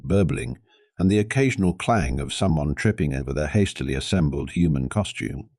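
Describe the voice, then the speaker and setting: Very deep-voiced male story narrator. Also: darkish tone, no echo, clean studio sound. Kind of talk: scripted narration.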